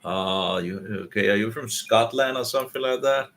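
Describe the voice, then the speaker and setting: Mild, hesitant man with a bright low voice. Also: moderate pace. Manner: calm, hesitant, mild replies. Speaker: streamer hosting random video chats. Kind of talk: casual chat.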